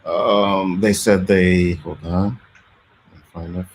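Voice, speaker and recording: A man's voice: deep voice, slow pace, slight background noise, low-quality recording. A Canadian man hosting a casual chat, telling stories animatedly and laughing often. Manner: animated storytelling, acts out quotes, laughs often. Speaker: podcast host.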